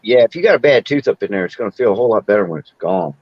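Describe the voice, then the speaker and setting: Racing along with a fairly low pitch and lively intonation, a podcast host in his sixties spins rambling stories and laughs a lot in a casual chat. The sound is lo-fi, without any room sound.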